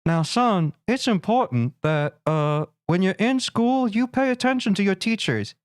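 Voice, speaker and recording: A man's voice: high-pitched, a little slow, clear, resonant tone, dry recording, clean studio sound. A man playing a strict father who lectures his son. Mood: stern. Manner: lecturing, bossy.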